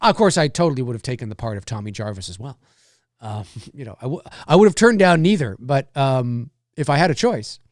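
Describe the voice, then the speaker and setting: A man's voice: medium pitch, animated, fairly quick, dry recording, studio quality. A man in his forties hosting a live stream, chatting casually and answering viewers, with lots of fillers and restarts. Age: 40s. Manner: rambling, loose, many fillers and restarts. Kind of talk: casual chat.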